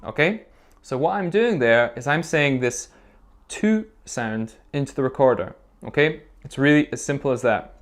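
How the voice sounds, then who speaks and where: A music teacher with a middle-pitched voice teaches young children the recorder in a lesson video. He's expressive, patiently walks through each step, keeps encouraging the kids, and drops a quick "okay?" every few phrases.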